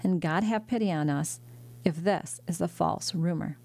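A woman's voice: lowish voice, normal speed, gravelly, a little mellow. A woman reading an audiobook, voicing a desperate older merchant father with urgent, disbelieving lines.

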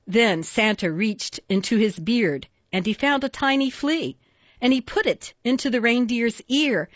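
A woman reading children's poems aloud in a playful, expressive sing-song way. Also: fairly high pitch, measured pace, no room sound, highs cut off. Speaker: reader.

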